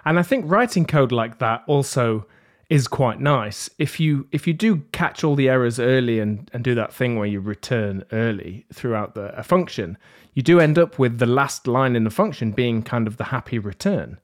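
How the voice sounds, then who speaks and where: A man's voice: medium pitch, animated, moderate pace. A man hosting a podcast panel, joking and rambling in a self-deprecating way. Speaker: podcast host. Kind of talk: casual panel chat. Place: London.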